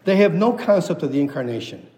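A man's voice: fairly high pitch, very animated, quick pace, a little mellow. A man preaching an expository sermon, reading scripture aloud and hammering points home through repetition. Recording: long hall reverb.

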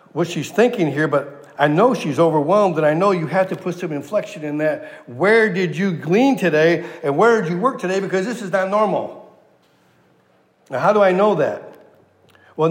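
A man preaching a sermon, animated, acting out the lines he quotes with plenty of inflection. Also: on the high side, big-room sound.

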